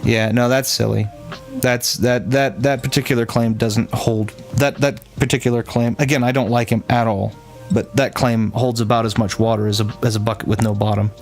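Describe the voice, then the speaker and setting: A man's voice: mid-range voice, steady tone, normal speed, soft background music. A man from Texas, a streamer rambling and thinking aloud in casual chat with his viewers.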